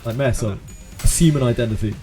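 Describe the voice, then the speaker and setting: A man's voice: mid-range voice, a little fast, dark tone, faint music behind. A man with a West Country English accent chatting casually and joking as he streams a game, laughing often. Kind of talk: casual live-stream commentary.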